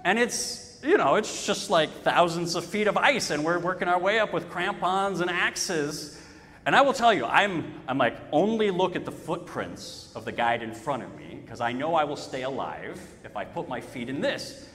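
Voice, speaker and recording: Brief: male pastor, sermon storyteller, lively and self-deprecating, reverberant church hall. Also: fairly high pitch, moderate pace, slight background noise. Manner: storytelling, self-mocking, emphatic.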